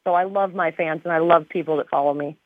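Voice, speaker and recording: A woman's voice: sits low, steady tone, quick pace, dry recording. Chatty woman on a tinny phone line. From Arizona, USA. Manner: bubbly and chatty, with frequent fillers. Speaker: guest, TV show star. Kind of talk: casual interview chat.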